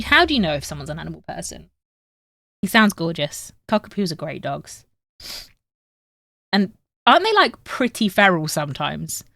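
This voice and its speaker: This streamer is a young woman with a northern English accent who sews on a livestream, chatting with her audience and reading their comments aloud. Her voice sits lowish and sounds a bit bright, with no room sound.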